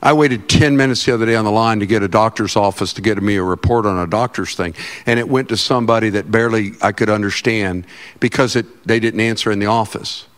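A male pastor preaching a sermon in a church, joking with the congregation and breaking into loud, animated outbursts. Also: on the low side, fast talker. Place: church sanctuary.

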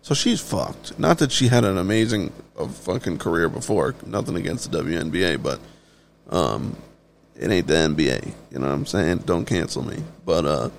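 Gravelly, foul-mouthed man ranting. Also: low voice, animated, normal speed, slight background noise. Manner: blunt, heavily profane, offhand. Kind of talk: casual ranting monologue.

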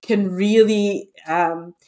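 A woman hosts a relaxed podcast conversation, her speech chatty and full of fillers. Her pitch sits in a middle range, and her voice is expressive. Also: drawn-out words. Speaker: podcast host. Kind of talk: casual conversation.

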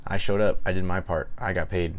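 Blunt deep-voiced man podcasting solo. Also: fairly even intonation, brisk. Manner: blunt, candid, lots of fillers and restarts. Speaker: podcast host; personal trainer. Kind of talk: casual solo podcast talk.

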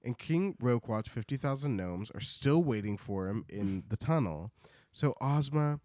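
Lively man retelling a story. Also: medium pitch, unhurried, dry recording, studio quality. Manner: animated storytelling, jumps into character voices. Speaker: podcast co-host. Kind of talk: casual book recap chat.

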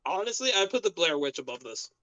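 A man co-hosting a casual podcast, easygoing and quick to laugh, talking while he eats dinner. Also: a little high, very animated, sharp tone, no room sound. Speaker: podcast co-host. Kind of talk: casual chat.

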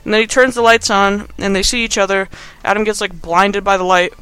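A man's voice: high-pitched, fairly even intonation, brisk, pushed and bright, clean tone, dry recording. A young man hosting a podcast, giving a casual movie recap in a rambling, sarcastic way. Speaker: podcast host.

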